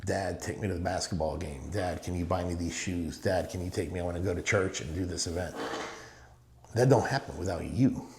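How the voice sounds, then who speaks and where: Slight background noise and roomy echo fill the podcast studio as a middle-aged man from the Middle East, a real estate owner, shares stories. His low, gravelly voice moves a little fast, emphatic and full of repeated short phrases.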